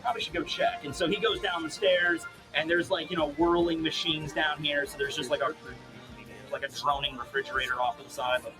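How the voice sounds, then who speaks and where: A man casually recapping a manga chapter, animated and full of fillers, acting out quotes as he goes. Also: a little high, brisk. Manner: animated, acts out quotes, heavy "like" and "you know" fillers. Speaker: manga commentator. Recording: clear music behind voice.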